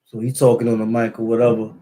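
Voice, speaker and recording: A man's voice: medium pitch, monotone, fast, dark tone. Man with a New York accent telling a story. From East New York, Brooklyn. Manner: loose street slang, repeats words and sound effects. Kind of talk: casual storytelling.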